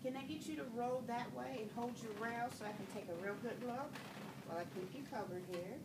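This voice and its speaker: Calm nurse instructor, distant echoey mic. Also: female voice, on the high side, fairly quick. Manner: calm, step-by-step instructions to a patient. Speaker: nursing instructor. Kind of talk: clinical skills demonstration. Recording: echoey room, far from the mic, noisy.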